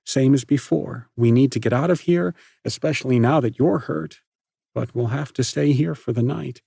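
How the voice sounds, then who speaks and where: A man voicing a stubborn, practical teenage girl in an audiobook, with a husky voice. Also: medium pitch, normal speed, dark tone, dry recording, clean studio sound. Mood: determined.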